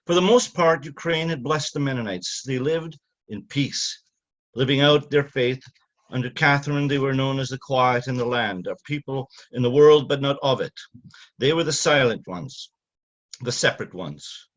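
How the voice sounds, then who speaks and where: Halting older man from Canada, dull recording. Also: mid-range voice, fairly bright tone. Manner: halting, many fillers and restarts when speaking freely. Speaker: author at a reading. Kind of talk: talk then reading from his novel.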